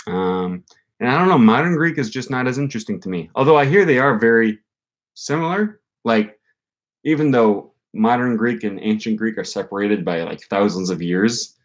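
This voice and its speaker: A man's voice: fairly low pitch, lively intonation, moderate pace. A man hosting a casual language-learning livestream, reading viewer comments and rambling with frequent restarts. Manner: rambling, self-correcting, with frequent fillers and restarts.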